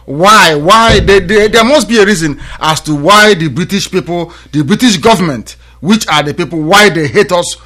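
A man's voice: high voice, lively intonation, normal speed, hardly any pauses, sharp tone. A man hosting a call-in radio show, taking calls and pressing his points with emphatic, repeated rhetorical questions.

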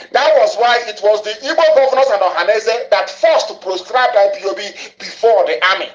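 A man's voice: high voice, lively intonation, normal speed, hardly any pauses. A man giving an angry, ranting broadcast monologue, hammering points home by repeating phrases. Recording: echoey room, dull lo-fi audio.

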